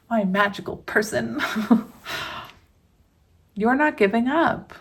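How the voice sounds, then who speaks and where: Woman, tarot reader, slow unhurried pace, chatty and giggly, casual to-camera talk. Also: on the high side, expressive, slightly rough.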